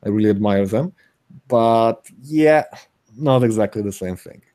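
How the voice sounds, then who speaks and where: A middle-aged man co-hosting a live stream in casual chat, speaking haltingly with frequent restarts and self-corrections. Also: on the low side, mellow. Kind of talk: casual chat, reading out chat comments.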